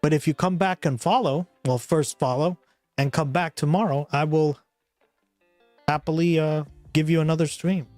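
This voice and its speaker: A man's voice: fairly high pitch, fairly even intonation, moderate pace, a little mellow, no echo, soft background music. A man hosting a livestream, chatting casually with a rambling, profane manner and frequent laughter. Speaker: livestream host. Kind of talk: casual chat.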